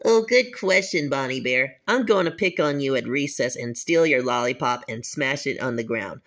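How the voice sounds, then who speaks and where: A woman's voice: rumbling low, expressive, normal speed. A woman voicing a mean little boy bully in kindergarten, sneering and defiant, in a fan-made cartoon. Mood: taunting.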